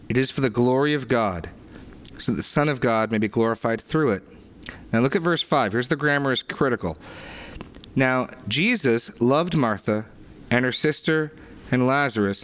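A man's voice: medium pitch, a bit bright. A man leads a sermon discussion, reading passages aloud and explaining them with earnest emphasis. He often restarts his sentences as he works through a point. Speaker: pastor leading a sermon discussion. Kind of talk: reflective teaching discussion.

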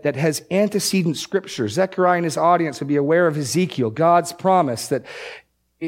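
A male preacher giving a sermon, reading scripture aloud with slow emphasis and explaining it in a conversational way, often repeating words as he restarts. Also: mid-range voice, darkish tone.

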